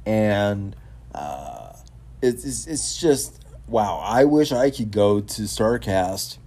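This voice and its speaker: Slow, mellow-voiced man hosting a wrestling show. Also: lowish voice, big pitch swings. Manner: halting, many fillers and repeated words, enthusiastic. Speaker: podcast host. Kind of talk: casual solo wrestling talk show.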